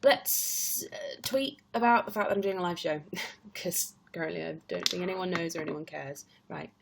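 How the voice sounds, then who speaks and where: A young woman with a British accent talks into her webcam at home, hosting a relaxed live stream. She rambles from thought to thought and laughs easily. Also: on the low side, normal speed, gravelly, background noise. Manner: chatty, rambling, laughs often. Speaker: livestream host. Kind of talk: casual live-stream chat.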